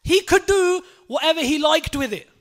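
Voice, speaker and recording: A man giving an animated storytelling sermon, repeating phrases and acting out voices. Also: very high voice, moderate pace. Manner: animated, repetitive, acts out voices. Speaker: Sikh preacher.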